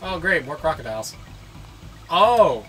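A man's voice: on the high side, sing-song, moderate pace, pushed and bright, far from the mic, faint music behind. A man co-hosting a let's-play video, making dry, offhand remarks as the game goes on. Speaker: gaming co-host. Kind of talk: casual let's-play banter.

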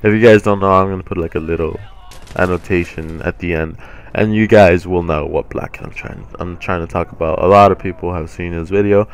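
A young man chats casually to his viewers in a very low, smooth voice that is still groggy from the morning. He rambles along, starting over often, like a gaming host talking off the cuff. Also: steady tone, a little fast. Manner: chatty, rambling with many restarts and fillers.

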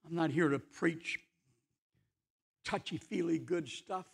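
A man's voice: a little high, takes it slowly, creaky, breathy edge. A man preaching a fervent church sermon, emphatic and full of rhetorical questions. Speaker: pastor.

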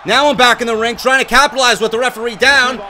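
Shouty, profane man calling game wrestling. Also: very high voice, quick pace. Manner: excitable, profane, frequently shouting. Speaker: gameplay commentator. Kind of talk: wrestling play-by-play over gameplay.

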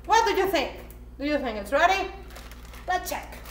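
A woman whose first language is Spanish gives a playful cooking lesson to children, talking in an animated, sing-song way with many excited gasps. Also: sits high, normal speed, reverberant, a little hiss or hum. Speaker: teacher for children.

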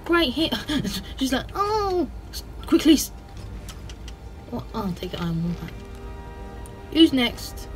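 Goofy high-voiced gamer girl. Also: very animated, slow, long pauses, soft background music. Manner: playful, goofy, sing-song bits and silly sound effects; self-censors swearing, says "bloody" a lot. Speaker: gaming channel host. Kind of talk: casual gameplay commentary.

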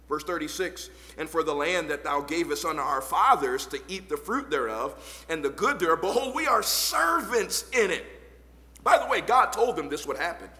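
A man preaching an evening church sermon as pastor, reading old scripture aloud and building to shouted points. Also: a little high, expressive, moderate pace, in a large hall. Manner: reads old-fashioned scripture verses aloud. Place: church sanctuary.

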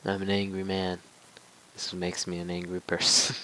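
A man's voice: deep voice, little pitch movement, normal speed, a bit bright. A young man doing let's play commentary, frustrated and swearing, with sarcastic outbursts. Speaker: gaming commentator.

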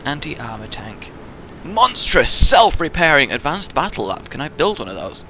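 Excitable, swearing gamer man. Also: fairly high pitch, normal speed, slight background noise. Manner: excitable, swearing, trash-talking. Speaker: gaming video host. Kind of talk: live gameplay commentary.

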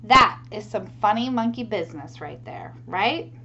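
Animated woman reading a picture book. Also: medium pitch, measured pace, highs cut off, slight background noise. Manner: animated, asks the listeners questions. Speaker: storyteller for children.

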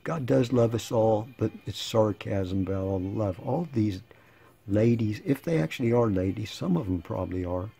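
This channel host, a man in his sixties, casually reads chat messages aloud, tossing in dry sarcastic asides and rambling as he repeats and restarts words. His fairly low voice is gravelly, mellow and husky, expressive, at a moderate pace.

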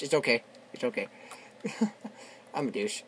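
A young man giving casual, excitable commentary while playing a video game, shouting and swearing, his voice worn from yelling. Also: medium pitch, takes it slowly, pauses often, husky, dry recording. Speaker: gamer. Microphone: tablet on a desk.

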